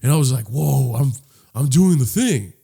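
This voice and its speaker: A young man on a casual comedy podcast, telling a long story from his school days. He talks loosely and jumps into the voices of the people in it, often rising high in pitch for the girls. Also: normal speed, creaky, husky. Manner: animated, acts out voices in his stories. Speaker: podcast co-host.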